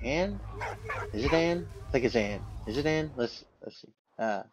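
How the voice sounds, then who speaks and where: A man's voice: mid-range voice, expressive, normal speed. A man doing let's play commentary, reading game text aloud and musing with fillers. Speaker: gamer. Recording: dull lo-fi audio with game music.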